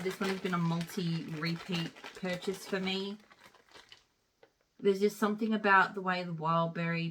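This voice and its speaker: A woman's voice: lowish voice, bright, forceful tone, slight background noise. A woman chatting casually as she reviews wax melts, rambling with plenty of fillers. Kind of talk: casual product review chat.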